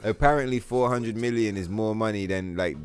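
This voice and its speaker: There's a darkish tone to this young man's fairly low, brisk voice as he hosts his gaming livestream. Faint music sits behind him while he reads chat aloud and answers viewers in a casual, rambling, profane manner full of fillers.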